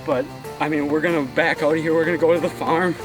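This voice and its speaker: A male bowhunter speaks straight to the camera out in the field. His voice is shaky and worked up with excitement. It sits a bit high for a man, with music clearly underneath. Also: fast talker, recorded from a distance.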